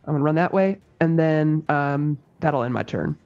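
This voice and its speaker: A man playing in a tabletop game, excitable and halting, with many fillers. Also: fairly high pitch. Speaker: player. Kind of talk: casual tabletop game play. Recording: muffled lo-fi audio with faint music.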